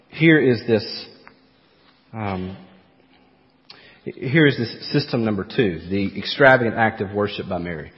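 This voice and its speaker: A man's voice: mid-range voice, dull audio. Male pastor preaching in a reverberant hall. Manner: rising to emphatic peaks, then dropping to quiet asides. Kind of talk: sermon.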